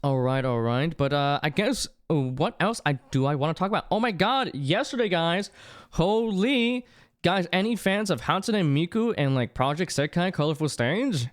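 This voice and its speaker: A young adult livestreamer chatting casually with viewers, rambling and excitable, with many restarts. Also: medium pitch, normal speed. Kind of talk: casual chat with stream viewers.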